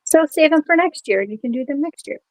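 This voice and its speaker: A woman's voice: sits high, lively intonation, a little fast, dry recording, poor audio. A middle-aged woman co-hosting, chatty and teasing in a casual video call chat.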